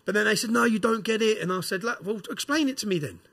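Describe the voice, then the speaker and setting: A middle-aged man, a guest on a podcast, retelling events in a casual, animated way and acting out the voices of people he quotes. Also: sits high, quick pace, no room sound. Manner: animated retelling, acts out quoted exchanges, tags lines with "yeah?". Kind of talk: casual storytelling interview.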